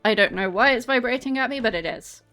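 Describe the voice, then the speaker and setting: An English woman chats casually to her stream while walking on a treadmill, answering viewers' messages as they come in. Her voice sits a little high and sounds bright and clear. Faint game music plays in the background. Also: quick pace. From England. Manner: chatty, reads chat aloud and answers it. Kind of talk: casual livestream chat. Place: home, on a treadmill.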